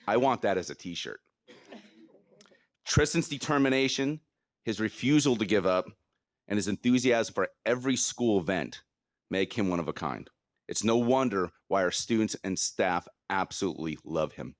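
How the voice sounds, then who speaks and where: A man's voice: fairly low pitch, expressive, normal speed, dry recording, studio quality. A man giving a heartfelt, prepared award speech about a student from a podium. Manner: heartfelt, earnest, reading from notes. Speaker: school staff presenting a student award. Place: event podium.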